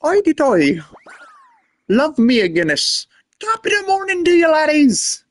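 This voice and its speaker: A man's voice: extremely high pitch, huge pitch swings, a little slow, dry recording, studio quality, voice pushed up, heavily acted. A man voicing a boisterous, stereotyped Irish drinking man with an exaggerated jolly brogue.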